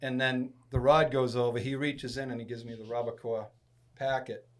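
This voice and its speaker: Speaking at a normal pace over slight background noise, a podcast guest from Massachusetts relates a long story casually. With a middle-pitched voice, he animatedly performs quoted speech, swinging his tone widely and breaking into loud bursts.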